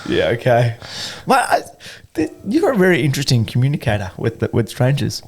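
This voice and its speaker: A man's voice: mid-range voice, wildly swooping pitch, brisk, breathy edge. A man and parent co-hosting a podcast, teasing his friends and casually swearing as he tells stories. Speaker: podcast co-host. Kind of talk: casual chat.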